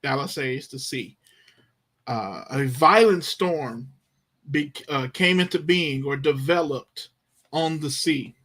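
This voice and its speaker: A man's voice: fairly high pitch, a bit bright. A man teaching Bible Greek, reading verses and explaining the verb tenses with emphatic, dramatic delivery. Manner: slow, emphatic, acts out the disciples' panic.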